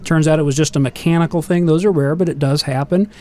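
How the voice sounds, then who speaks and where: A man explaining aviation safety in a calm, steady manner during a casual panel talk. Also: fairly high pitch, fast talker.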